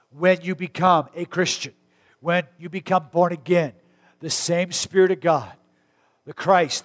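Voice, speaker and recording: A middle-aged male pastor from Arizona, USA, gives a chatty, animated sermon, breaking into loud, high bursts of emphasis. His voice is a little high for a man, and a large hall lends it a long reverb.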